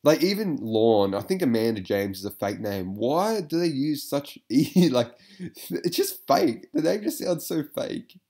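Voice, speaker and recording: A man's voice: medium pitch, very animated, a little slow, dark tone, husky. A man giving casual reaction commentary, rambling with lots of fillers, swearing and frequent laughter.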